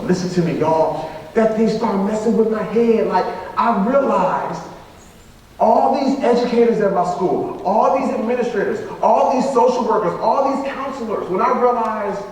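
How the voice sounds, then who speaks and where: A man's voice: high voice, normal speed, a little mellow, a little hiss or hum. A young man giving a motivational school assembly speech, repeating phrases for rhythm and acting out dialogue. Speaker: motivational speaker. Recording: echoey hall from far off.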